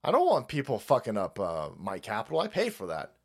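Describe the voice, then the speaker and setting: Heated, swearing man with a lively pitch. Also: fairly quick. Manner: heated, repetitive, mocking. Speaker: stream host. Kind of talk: profane political rant.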